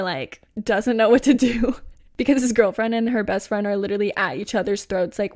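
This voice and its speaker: A woman in her twenties telling a personal story in casual storytime style, chatty and animated, full of "like" and "you know". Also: medium pitch. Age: 20s. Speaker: podcast host.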